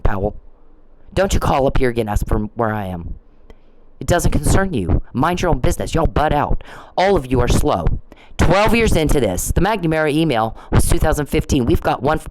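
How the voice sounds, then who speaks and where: In a deep, somewhat dark voice, a vlogger rants at the camera, furious and swearing as she scolds. Her words trip over each other when she's heated, so she repeats and starts again. The audio is poor.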